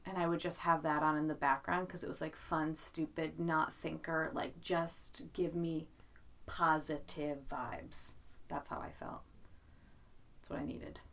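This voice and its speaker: Woman, podcast co-host, casual chat, laughs a lot, bright tone, a bit off-mic. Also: deep voice, measured pace, gravelly, distant mic. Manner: chatty, laughs often, animated storytelling.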